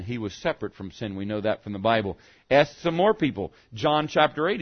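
In lo-fi sound, a man preaches to his congregation, throwing out rhetorical questions and dropping into a low voice whenever he quotes someone.

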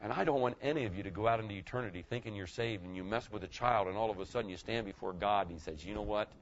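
A middle-aged man preaching a sermon as pastor, swinging between loud emphatic lines and hushed ones. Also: fairly low pitch, rapid-fire, dull audio. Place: church.

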